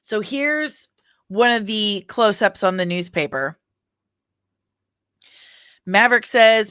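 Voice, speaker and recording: A woman hosts a casual pop culture news show and talks at an unhurried, slow pace. She is chatty and drifts into personal asides as she reads viewer comments aloud. The recording is dry and close, with no room sound. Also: mid-range voice, expressive, a bit bright, clean tone, no room sound. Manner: chatty, rambling asides with laughs.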